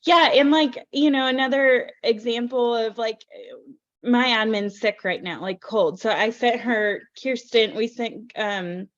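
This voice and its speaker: A woman's voice: fairly high pitch, a little slow, muffled recording. A woman hosting a podcast, bubbly and effusive, with lots of fillers. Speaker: podcast host. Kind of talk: casual chat.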